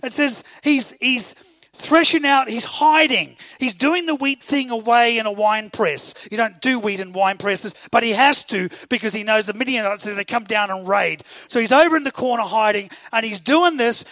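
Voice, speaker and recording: A man with an Australian accent preaching a sermon, telling the story with animated asides and rhetorical questions to the audience. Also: very high-pitched, normal speed, dry recording.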